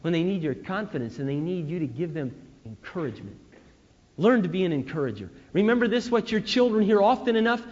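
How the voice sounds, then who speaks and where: A man preaching a sermon, telling stories in an animated way that swings from loud to hushed. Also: a little high, quick pace. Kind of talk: sermon on parenting. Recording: dull lo-fi recording with long hall reverb.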